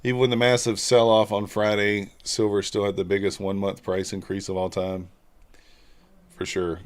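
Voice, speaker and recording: A man casually talking through his own trades on a live stream, low-key and muttering his thoughts aloud. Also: little pitch movement, normal speed. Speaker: livestream futures trader.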